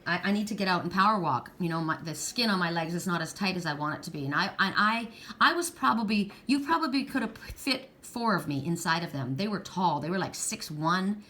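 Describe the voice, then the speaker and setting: A woman's voice: fairly low pitch, animated, fairly quick, hardly any pauses, sharp tone. A woman doing an oracle card reading for viewers, speaking earnestly and reassuringly. She often restarts her words. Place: at home with her dog nearby.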